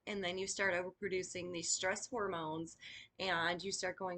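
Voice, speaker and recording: A woman's voice: on the low side, flat delivery, moderate pace, fairly bright tone. A woman giving a casual spoken lesson on Reiki, chatty and encouraging, with frequent fillers. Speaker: Reiki teacher.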